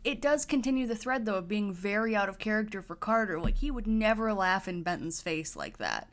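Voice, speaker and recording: A woman co-hosting a casual podcast, talking in an animated way and poking fun at her own nitpicks. Her voice sits in a medium pitch. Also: brisk. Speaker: podcast co-host. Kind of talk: casual chat.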